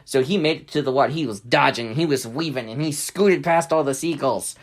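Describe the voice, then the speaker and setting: A woman's voice: a bass voice, a little fast, hardly any pauses. A woman narrating a children's story in a playful, giggly way with big sound effects.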